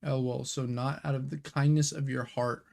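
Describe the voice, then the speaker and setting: A man's voice: medium pitch, level tone, moderate pace, gravelly, a little mellow. A young man hosting a live card game watch party, chatting casually in slang and answering viewer questions aloud. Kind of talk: casual live-stream chat.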